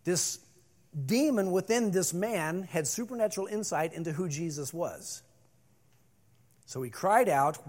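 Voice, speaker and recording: Expressive preaching man, slightly high voice. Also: a little slow. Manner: expressive preaching, swings from loud emphasis to hushed calm. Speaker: pastor. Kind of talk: sermon.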